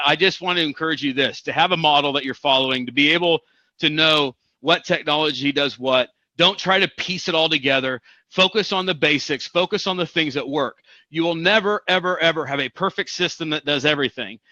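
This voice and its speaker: A man from Missouri giving a motivational real estate coaching talk, energetic and emphatic, repeating phrases for punch. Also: fairly high pitch, dry recording, highs cut off.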